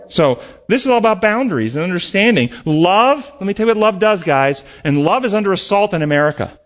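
A man's voice: fairly high pitch, fairly bright tone. A man preaching a sermon in an earnest, emphatic way, acting out short quoted exchanges and closing with a prayer.

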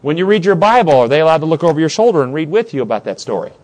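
Animated man quizzing a Bible class. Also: a little high, racing. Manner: questioning, animated, acts out scenes. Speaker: Bible study teacher.

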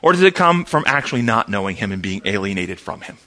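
A man's voice: lowish voice, quick pace. A man teaching an interactive Bible study, asking the class questions and answering them himself. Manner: animated, asks the class questions.

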